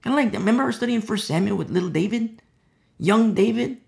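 A man's voice: high voice, fast, vocal fry, a little mellow. A man preaching a conversational sermon, full of fillers and acted-out quotes, at times dropping to a whisper. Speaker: pastor.

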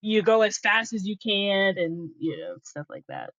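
A woman's voice: medium pitch, a little slow, vocal fry, no room sound, muffled recording. A young woman from Connecticut, a podcast guest telling a funny childhood story with lots of laughs and acted-out quotes. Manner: animated, laughs often, acts out her younger self. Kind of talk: casual storytelling chat.

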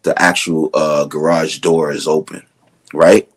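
A middle-aged drummer from Brooklyn, New York, appears as a guest in a casual storytelling interview, speaking with a thick Brooklyn accent. His voice rumbles low and comes a little slow as he relaxes into his stories, acting out quotes and laughing often.

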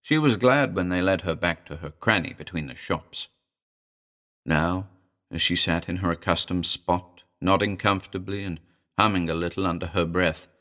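A low-voiced man reads a classic horror tale aloud, expressive and suspenseful. His delivery rises and falls dramatically across each sentence. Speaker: narrator. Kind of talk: dramatic audiobook reading.

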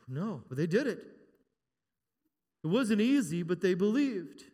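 A man's voice: high-pitched, big pitch swings, slow, darkish tone. A man in his fifties preaching a sermon in a church, joking with the congregation and rising to emphatic calls. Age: 50s. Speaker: pastor. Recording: long hall reverb.

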